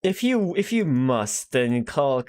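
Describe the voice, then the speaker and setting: A man's voice: medium pitch, big pitch swings, slow pace, a little mellow. A young man chatting casually on a live art stream, rambling and self-deprecating and reading out viewers' chat.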